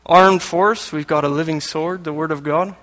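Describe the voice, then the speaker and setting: Guy from canada preaching a sermon, kinda high voice, cracks little jokes between reading bits, church hall with a long echo. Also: fairly even intonation, normal speed, a bit bright. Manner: joking asides between read passages. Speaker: lay preacher. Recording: echoey hall with long reverb.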